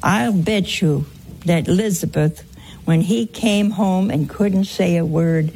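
A woman delivers a conversational sermon at an unhurried pace. Her voice has a gravelly edge, and she keeps it light and humorous, teasing her listeners with rhetorical questions. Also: lowish voice, warm tone. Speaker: preacher.

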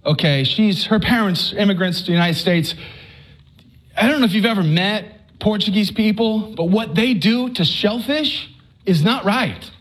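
A man's voice: sits high, expressive, normal speed, a bit bright. A middle-aged man from Texas giving a faith testimony to an audience, telling his story with acted-out quotes and stammers.

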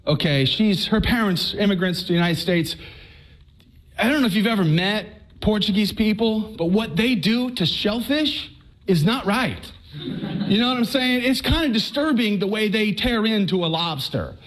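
A man from Texas giving a personal faith testimony to a live audience, telling his story in an animated, conversational way and often restarting his words. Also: high voice, moderate pace, poor audio.

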